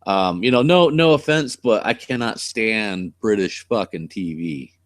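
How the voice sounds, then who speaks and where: A man's voice: lowish voice, expressive, measured pace, no room sound, studio quality. A man with a West Coast American accent chatting casually on a live stream as the channel host, blunt, rambling and cursing freely.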